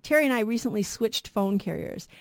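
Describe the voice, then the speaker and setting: A woman's voice: mid-range voice, lively intonation, fairly quick, gravelly. A middle-aged woman co-hosting a radio Bible program, teaching in an earnest way and asking and answering her own questions.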